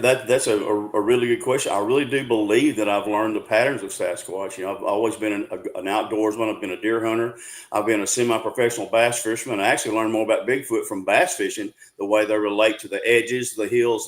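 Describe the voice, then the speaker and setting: A man's voice: on the low side, low-quality recording. A man in his sixties from Arkansas with a Southern accent, talking as a guest in a casual interview in a folksy, rambling, friendly way. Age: 60s. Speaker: guest, Bigfoot researcher.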